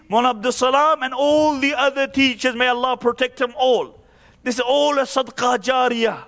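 A man's voice: very high-pitched, fairly bright tone. A man delivering an impassioned sermon, posing rhetorical questions and quoting Arabic verse. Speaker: preacher. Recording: reverberant hall.

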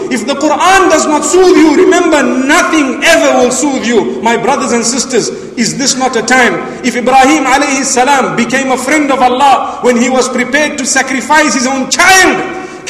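A man preaching a sermon with passion, asking rhetorical questions and rising to shouts, with Arabic religious phrases mixed in. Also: very high-pitched. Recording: echoey hall, voice from far off.

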